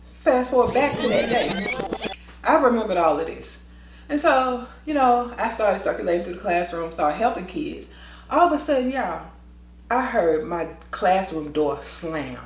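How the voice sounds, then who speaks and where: Lively woman storyteller with a swooping, expressive voice and a dramatic delivery; roomy echo. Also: mid-range voice, measured pace, a little hiss or hum. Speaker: vlogger and former teacher. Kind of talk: animated storytelling.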